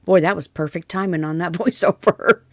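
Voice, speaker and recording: A chatty Southern woman talks through her craft project in a folksy, rambling way, full of asides and fillers. Her voice sits a little low, and the recording is close and dry with no room sound. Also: steady tone, moderate pace, a little mellow, dry recording. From Tennessee. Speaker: DIY crafts vlogger.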